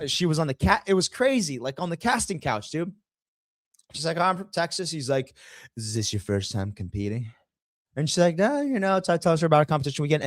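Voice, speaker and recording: A man's voice: a little high, no echo. Profane storytelling man, dry close sound. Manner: profane, acts out the voices of others in his story. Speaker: guest telling a story. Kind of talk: casual storytelling.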